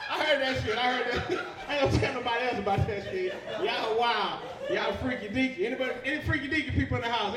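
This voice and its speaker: Young male stand-up, very high voice, crowd-baiting, roomy distant club sound. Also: a bit bright. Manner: profane, rambling, crowd-baiting. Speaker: stand-up comedian. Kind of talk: live stand-up comedy. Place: comedy club stage. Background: audience laughter.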